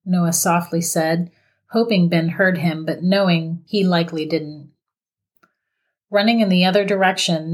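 A woman narrating a scripted horror story in a steady, measured reading voice. Her voice sits on the low side for a woman, and she reads at a deliberate, even pace.

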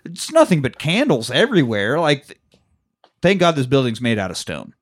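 A man's voice: medium pitch, very animated, moderate pace. Profane, jokey male podcast co-host. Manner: profane, jokey, laughs often, acts out scenes. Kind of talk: casual film-recap chat.

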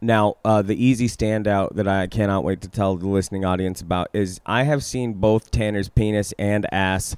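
A young man co-hosting a podcast, talking casually in a laid-back way, laughing often and pausing with fillers. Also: lowish voice, fairly even intonation, a little mellow, clean tone, dry recording. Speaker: podcast co-host. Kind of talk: casual chat.

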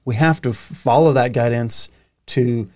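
A man's voice: medium pitch, unhurried, darkish tone. A man hosting a podcast, talking in a casual, earnest and reflective way. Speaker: podcast host. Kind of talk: casual conversation.

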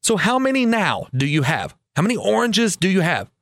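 A man voicing a grade-school woman teacher in a told story, speaking a little higher than his usual voice. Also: very animated, fairly quick, a bit bright, dry recording, clean studio sound, full character voice. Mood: coaxing.

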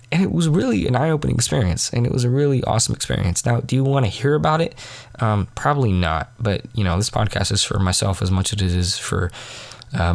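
A young man tells a late-night podcast story in a loose, rambling way. His voice sits low and he fills it with constant fillers. He pokes fun at himself and sounds a little sniffly. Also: creaky. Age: young adult. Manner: rambling, full of "like" fillers, self-mocking. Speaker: podcast host.

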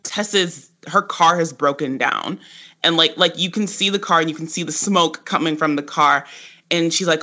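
Bright, animated podcast co-host. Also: medium pitch, normal speed. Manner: animated and profane, lots of "like" fillers and laughter. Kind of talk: casual recap chat.

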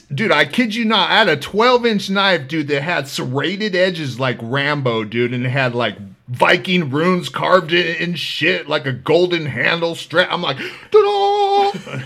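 A man hosting a podcast, telling comedic stories in a loud, profane, laughing way. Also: fairly high pitch. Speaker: podcast host. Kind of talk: comedic storytelling.

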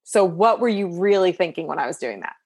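A woman guest on a podcast, telling an everyday story in an animated, expressive way and laughing often. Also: fairly low pitch, brisk, slightly rough. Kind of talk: casual conversational storytelling.

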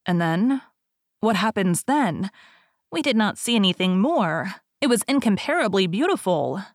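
A woman's voice: medium pitch, big pitch swings, measured pace, no echo, clean studio sound. A woman voicing a flock of little sparrows in a storybook reading, eager and chattering.

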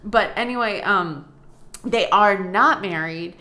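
A woman co-hosting a casual comedy chat, telling a story in an animated, mocking way and swearing freely. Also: medium pitch, slow. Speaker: podcast co-host.

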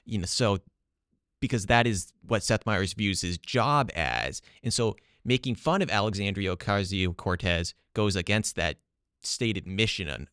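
A man's voice: on the low side, measured pace, fairly bright tone, smooth, no room sound, studio quality. A man talking casually as a guest about his study, with many "like" and "you know" fillers. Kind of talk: casual political talk.

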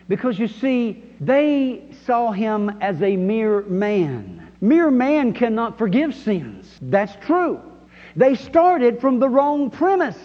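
A man preaching a sermon in a church and leading call-and-response with the congregation, in an emphatic manner. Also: very high voice. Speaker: pastor. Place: church sanctuary. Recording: dull sound with long hall reverb.

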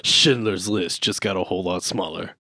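A man's voice: deep voice, moderate pace. A man co-hosting a casual podcast, running a movie-riddle quiz in a teasing, joking way. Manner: teasing, lively, swears casually. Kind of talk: casual chat.

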